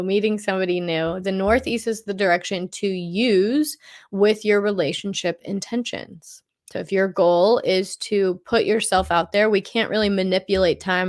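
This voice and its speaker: A chatty middle-aged woman walks through a monthly feng shui forecast over slides. She thinks aloud as she goes, circling back and repeating phrases while she searches for words, at an ordinary pitch.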